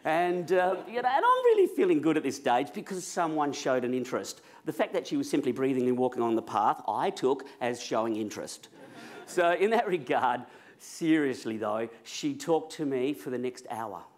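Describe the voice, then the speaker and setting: A man's voice: mid-range voice, big pitch swings, normal speed. A man telling a personal story to a live audience, chatty and self-mocking, now and then asking the crowd questions. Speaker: public speaker.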